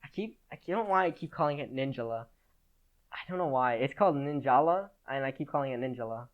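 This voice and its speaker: A man's voice: mid-range voice, expressive, fast talker, narrow, tinny audio. A teenage boy hosting a solo podcast in a rambling, casual chat, full of fillers and restarts. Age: teens. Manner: rambling, chatty, with many "like"s and restarts. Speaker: podcast host.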